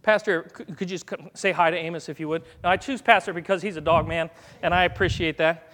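Folksy preacher, male, high voice, long church-hall reverb, talks easily to the congregation and the dog. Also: steady tone, quick pace, fairly bright tone. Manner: chatty, folksy, gives dog commands mid-sermon. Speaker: guest preacher. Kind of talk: conversational sermon with live dog demonstration. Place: church sanctuary.

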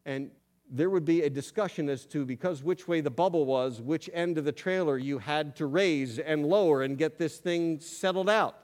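A man preaching a sermon as pastor, telling stories with animated swings between loud emphasis and quiet asides. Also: a little high, normal speed. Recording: long hall reverb.

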